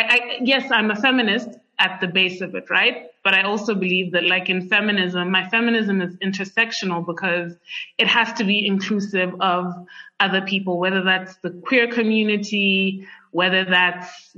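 A bright, forceful young woman from Zimbabwe chats as an interview guest, full of fillers and lively asides. The recording sounds dull and lo-fi. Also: mid-range voice. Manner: chatty, many fillers, animated. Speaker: podcast guest. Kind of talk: conversational interview.

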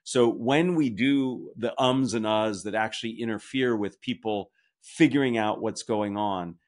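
A man's voice: on the low side, a little slow. A middle-aged man answering as a podcast guest, methodical and explanatory, who sums up his points at the end. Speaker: communication author and guest.

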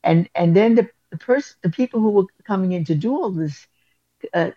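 A woman's voice: medium pitch, dry recording, dull audio. Woman principal, lots of uhs and restarts, dry close audio. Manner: halting, many fillers and restarts. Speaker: school principal. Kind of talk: conversational storytelling interview.

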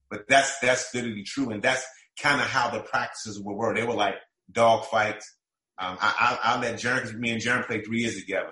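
A former college basketball player telling an animated story, acting out the quoted lines of the conversations he recalls. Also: fairly low pitch, roomy sound, rough recording.

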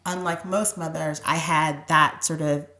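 A woman's voice: low-pitched, fairly even intonation, a little slow, echoey room. A woman telling an emotional personal story as a podcast guest, often dropping to a near whisper and filling with "like". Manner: softens to near-whisper when moved, many "like" fillers.

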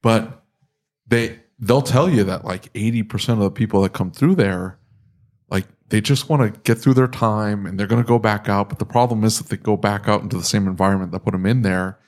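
Chatty low-voiced man with a northern accent. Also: a little fast, darkish tone. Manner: joking, talkative, often cuts in. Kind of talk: casual chat.

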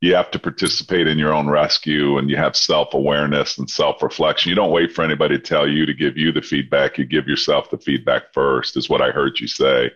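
A man's voice: very deep voice, level tone, a little fast, hardly any pauses, fairly bright tone, husky, dull audio. A male podcast host who enthusiastically sums up his guest's advice. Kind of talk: podcast interview.

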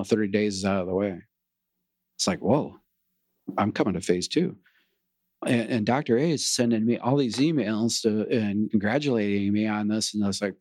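A middle-aged man telling his own story in an earnest, animated way and acting out the dialogue. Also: lowish voice, no echo. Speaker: program member sharing his story. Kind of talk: personal testimonial.

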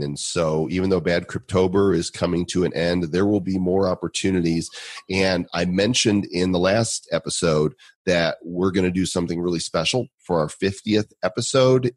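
A deep-voiced man co-hosts a podcast in a loose, conversational way. He talks casually and fills his pauses with "uh" and "you know." The sound is close and dry, with no room around it. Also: no room sound. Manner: relaxed, chatty, with fillers. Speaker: podcast co-host.

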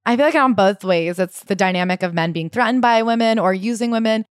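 Fast-talking woman podcast co-host. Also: medium pitch, clean tone, no echo, clean studio sound. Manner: chatty, quotes with animated asides. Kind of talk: casual chat retelling a memoir.

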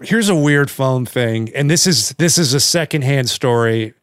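A man's voice: mid-range voice, normal speed, a bit bright, no room sound, studio quality. A man co-hosting a podcast, telling stories in a rambling, joking way. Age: young adult. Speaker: podcast co-host. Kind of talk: casual podcast chat.

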